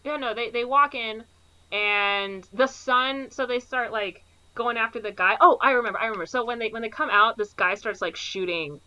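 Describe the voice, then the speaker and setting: A woman's voice: on the high side, normal speed, sharp tone, clear, resonant tone, dull audio. A woman co-hosting a podcast, casually recapping a movie plot and filling her sentences with "like". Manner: rambling, heavy use of "like" fillers. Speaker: podcast co-host.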